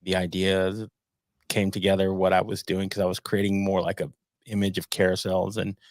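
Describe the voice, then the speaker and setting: A man's voice: sits low, gravelly, dry recording. A man as a guest on a live-stream podcast, chatting casually and rambling with frequent restarts. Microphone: home webcam setup.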